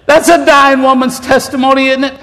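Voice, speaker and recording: A man preaching an emotional sermon in a church, fervent and rising to shouts. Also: very high voice, little pitch movement, a little fast. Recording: long hall reverb.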